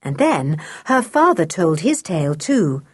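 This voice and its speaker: Brief: woman storybook narrator, lively melodic reading, close and dry. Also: sits low, measured pace, slightly rough, no echo. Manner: expressive reading. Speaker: audiobook narrator.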